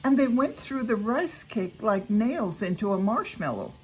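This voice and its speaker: An older woman reading a children's story aloud, narrating in the first person with an expressive, unhurried delivery. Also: medium pitch, slight background noise, low-quality recording.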